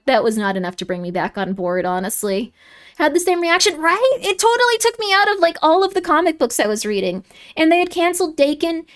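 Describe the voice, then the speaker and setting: A woman streamer chatting casually and reading viewer comments, rambling and animated, quick to get worked up. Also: high voice.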